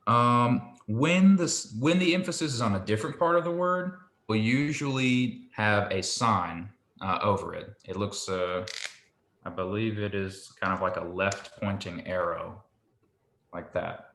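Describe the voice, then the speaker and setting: A man's voice: fairly low pitch, unhurried, fairly bright tone, roomy sound, slight background noise. A man tutoring basic biblical Hebrew one-on-one, explaining patiently and checking that his student follows. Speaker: Hebrew teacher.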